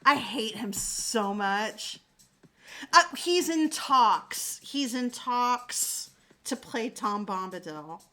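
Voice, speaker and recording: Bright, high, lively woman chatting unhurriedly. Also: very slow, soft background music. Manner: animated, swears freely, talks straight to chat. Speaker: streamer chatting with viewers. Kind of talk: casual live-stream chat.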